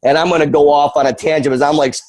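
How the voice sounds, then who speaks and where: Energetic man from Western New York, rambling sales pitch, heavy on fillers, dry close sound. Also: racing, no room sound, low-quality recording. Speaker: guest presenter. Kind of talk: sales presentation on a video call. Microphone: video call.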